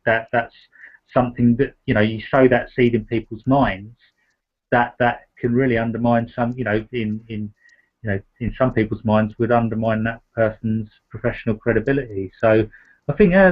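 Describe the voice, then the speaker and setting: A man hosting a discussion, talking in a halting way with many fillers and restarts. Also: mid-range voice. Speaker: host. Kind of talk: casual discussion. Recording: dull lo-fi sound.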